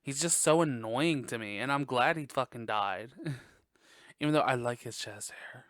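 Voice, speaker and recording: A man hosting a podcast and reviewing a movie in casual chat, blunt, profane and gossipy, with sudden high exclamations. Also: moderate pace, a bit bright, no echo, clean studio sound. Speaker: podcast host.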